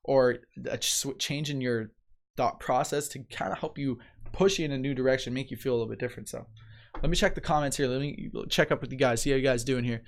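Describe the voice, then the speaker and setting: A man hosts a motivational live show, talking to viewers in a relaxed, chatty way. He reads their comments aloud and responds to them, often checking in with a quick "right?" and light laughter. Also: mid-range voice. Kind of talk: casual live-stream talk, reading viewer comments.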